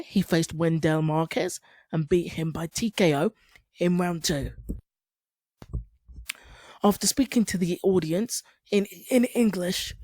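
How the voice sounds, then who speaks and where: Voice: medium pitch, a little mellow, no room sound. A video essay narrator reading scripted voice-over steadily, stumbling now and then on words.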